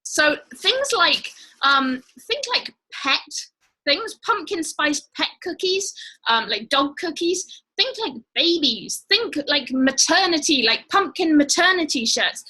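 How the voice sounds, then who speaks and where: A woman's voice: high voice, big pitch swings, takes it slowly, pushed and bright, rough recording. A woman hosting a live online show, chatting casually with viewers in a bubbly way with lots of fillers. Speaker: livestream host.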